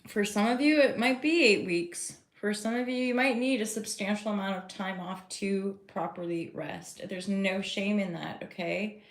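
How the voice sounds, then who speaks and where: A woman's voice: medium pitch, normal speed, few pauses. A woman giving a casual live tarot reading, rambling and chatty as she talks to her viewers. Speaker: tarot reader and host. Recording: roomy echo.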